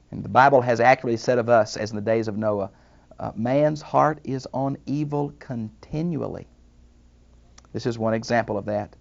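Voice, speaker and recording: Older male Bible teacher, gravelly, studio lesson, dull sound. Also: mid-range voice, darkish tone. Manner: thoughtful, unhurried lecturing with asides. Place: small recording studio.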